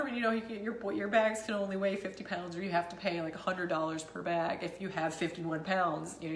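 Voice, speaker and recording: A mom vlogger in her 30s with two kids records an emotional personal vlog, teary after crying. She's rambling and self-deprecating and laughs through it, speaking in a mid-range voice in an echoey room with a little hiss or hum.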